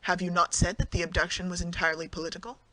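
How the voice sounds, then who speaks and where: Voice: medium pitch, level tone, rapid-fire, pushed and bright, lightly acted, poor audio. An audiobook narrator voicing a cowardly, greedy fifty-year-old mercer who speaks proudly and self-importantly. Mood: boastful.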